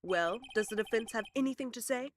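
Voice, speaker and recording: A woman voicing a stern older male judge, reading his formal rulings aloud in a measured way over a game. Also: on the high side, a little hiss or hum, lightly acted. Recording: game music behind.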